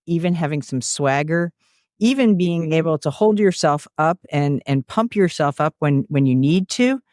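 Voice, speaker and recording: A podcast host asking thoughtful, measured questions of a guest. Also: medium pitch, a little mellow, no echo, clean studio sound. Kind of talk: interview questions.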